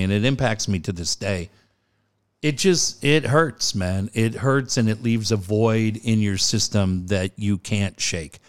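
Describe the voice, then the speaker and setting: A middle-aged man co-hosting a podcast tells a personal story in casual chat, his lowish voice clear and resonant. He speaks earnestly and conversationally, hesitating with fillers.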